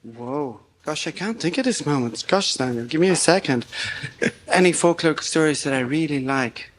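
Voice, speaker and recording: A man's voice: fairly high pitch, expressive, moderate pace, slight background noise. A man, a ghost tour guide, chatting as an interview guest and telling folklore in a rambling, chuckling way. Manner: rambling storyteller, chuckles often. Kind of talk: casual interview chat.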